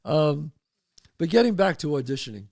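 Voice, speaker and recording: A man, hosting and telling lively stories, acting out the voices of the people in them. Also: on the high side, moderate pace, dry recording, studio quality. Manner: animated storyteller, acts out quotes. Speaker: host. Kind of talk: storytelling chat.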